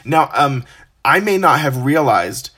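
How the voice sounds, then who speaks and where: A young man hosting a podcast, telling a personal story in a casual, animated, self-deprecating way. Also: mid-range voice, a little slow, breathy edge. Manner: animated, self-deprecating, acts out quoted voices. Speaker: podcast host.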